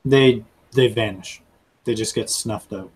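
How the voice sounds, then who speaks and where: A man narrating a tabletop role-playing game as game master, in a halting storytelling way. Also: lowish voice, breathy edge, rough recording.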